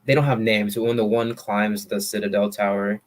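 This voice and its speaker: A man's voice: on the low side, fairly even intonation. A male podcast guest in casual chat, an eager fan who keeps agreeing. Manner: enthusiastic fan, quick agreeing interjections.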